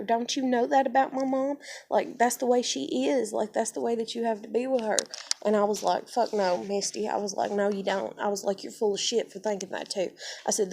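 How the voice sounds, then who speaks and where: A woman's voice: mid-range voice, darkish tone. A young woman, telling a heated personal story on her vlog, swearing freely and quoting others as she goes. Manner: heated, profane, quotes others. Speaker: vlogger.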